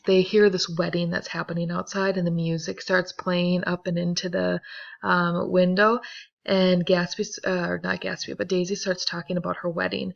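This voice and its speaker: A woman teacher explaining a novel to a class, chatty and animated, with many fillers. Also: lowish voice, vocal fry, muffled recording. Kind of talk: classroom reading and commentary.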